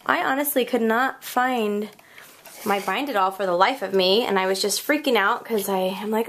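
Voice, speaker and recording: A woman's voice: mid-range voice, normal speed, fairly bright tone, a little hiss or hum. A woman hosting a casual crafting tutorial at home, chatting and joking about her mistakes as she works. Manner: chatty, self-deprecating, talks while working. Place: home craft room, kids heard elsewhere in house.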